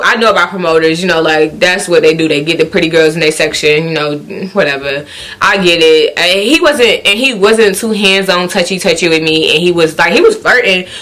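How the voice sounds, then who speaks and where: A woman with a Southern country accent telling a story on her vlog, animated and acting out what people said in high, excited exclamations. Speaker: vlogger.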